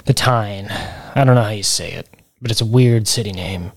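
A man's voice: on the low side, quick pace, creaky, slightly rough. A man co-hosting a podcast in casual chat, rambling and wry as he explains things. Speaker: podcast co-host.

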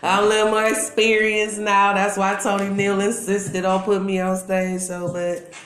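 A middle-aged former dancer from Milwaukee, Wisconsin, gives an interview, telling stories in candid, slangy casual talk with frequent asides. Her medium-pitched voice is completely flat at a normal speed, recorded in an echoey room with loud music behind and slight background noise.

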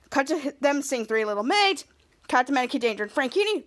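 A young woman hosting a podcast, eagerly recapping a TV episode and acting out the characters' lines. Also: fast talker. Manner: energetic, acts out quoted lines with rising pitch. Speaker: podcast host.

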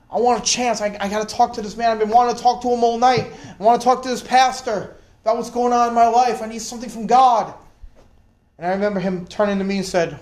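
A man preaching a sermon, telling his own story in an animated way and acting out the voices he quotes. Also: high voice, fast, reverberant. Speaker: preacher giving testimony. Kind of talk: sermon testimony.

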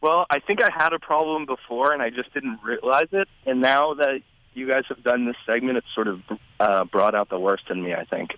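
A man calling into a radio show, sheepish and relaxed. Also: medium pitch, a little fast, no echo. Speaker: caller. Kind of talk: casual interview. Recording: dull lo-fi remote line.

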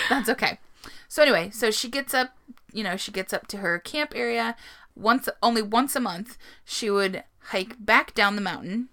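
Bright-voiced woman telling a story. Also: a little high, a little slow. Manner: chatty, laughs often, swears casually. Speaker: podcast co-host. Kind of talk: casual storytelling chat.

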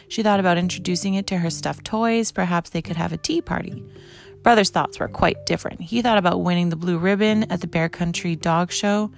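A woman reading a children's storybook aloud in a gentle, even way. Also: mid-range voice, creaky. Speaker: narrator.

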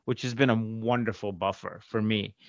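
A man co-hosting a podcast, telling stories in profane, animated casual chat and slipping into quick impressions. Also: lowish voice, gravelly, dry recording, dull audio. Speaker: podcast co-host.

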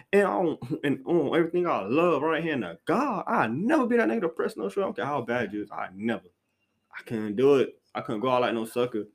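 A man talks in a casual solo rant for his podcast, with a voice pitched a little higher than most men's. He rambles, repeats himself and restarts sentences, leaning on "like" and blunt, profane street slang. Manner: restarts sentences often, with lots of "like" fillers. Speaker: podcast host.

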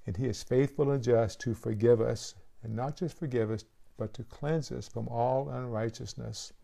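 A man preaching a sermon in a gravelly voice at a middle pitch. His tone is dark and mellow, and he pleads earnestly with his listeners. He restarts his phrases often as he talks. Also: steady tone, normal speed. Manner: earnest, pleading altar call with frequent restarts. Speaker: pastor.

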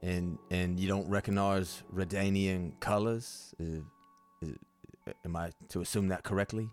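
A man's voice: sits low, fairly even intonation, unhurried, darkish tone, soft background music. A man voicing a blunt, swearing adventurer in a tabletop game, stammering when he pushes for answers. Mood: gruff. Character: gruff, fed-up male adventurer.

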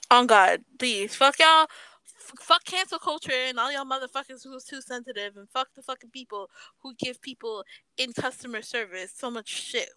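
Bright, brash high-voiced woman. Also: moderate pace, clear, resonant tone, no room sound, poor audio. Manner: brash, laughing, profane banter. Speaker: podcast co-host. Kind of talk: casual chat.

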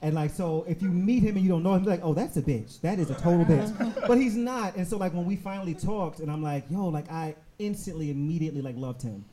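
A man hosting a live podcast show in front of an audience, chatty and quick to laugh, with plenty of fillers as he talks. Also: high-pitched, over a noisy crowd. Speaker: podcast host.

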